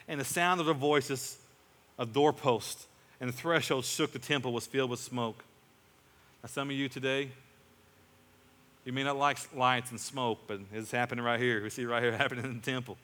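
A man preaching a sermon as pastor, emphatic, building up to loud exclamations. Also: medium pitch, fairly even intonation, normal speed. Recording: long hall reverb.

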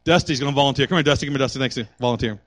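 A man's voice: medium pitch, rapid-fire, fairly bright tone. A middle-aged man preaching a sermon with call and response, building to impassioned exhortation. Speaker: pastor.

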